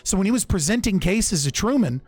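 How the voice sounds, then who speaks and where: A man's voice: high voice, lively intonation, brisk, no room sound, faint music behind. A young man casually recounting political history on a podcast, loose and profane, often restarting his sentences. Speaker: podcast speaker.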